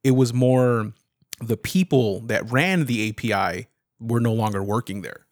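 A man's voice: medium pitch, a little slow, no room sound, studio quality. A man co-hosting a podcast, explaining things in a casual, rambling way with frequent restarts. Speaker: podcast co-host. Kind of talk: casual chat.

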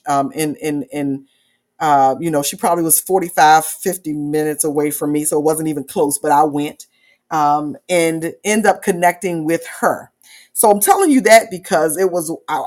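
A woman minister telling a testimony in an online church service, with animated storytelling and frequent praise interjections. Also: mid-range voice. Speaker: prophetic minister.

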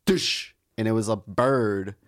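A man chatting casually, easygoing and a bit halting. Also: lowish voice, no room sound, studio quality. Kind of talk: casual chat.

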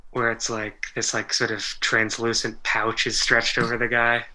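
A man co-hosting a casual podcast conversation, halting and filling almost every phrase with "like.". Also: medium pitch, monotone, sharp tone, poor audio.

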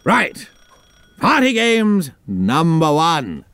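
A man's voice: on the high side, huge pitch swings, very slow, fairly bright tone, slight background noise, full character voice. A man playing a pompous, impatient upper-class lord, in a comedy sketch.

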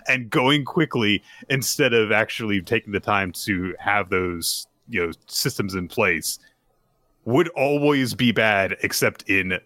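A man's voice: on the low side, animated, unhurried, pushed and bright, no room sound. A man co-hosting a podcast, giving emphatic, joking commentary on a manga. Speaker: podcast co-host. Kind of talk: casual chat about manga.

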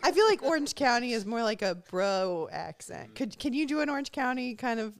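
A woman's voice: fairly high pitch, very animated, brisk. A woman from Southern California hosting a podcast, talking in a giggly, chatty, self-deprecating way. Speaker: podcast host. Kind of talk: casual chat.

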